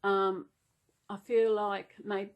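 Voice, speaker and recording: A woman's voice: mid-range voice, level tone, slow. A woman chatting casually and unplanned in a vlog, rambling and gushing with gasps and restarts. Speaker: vlogger.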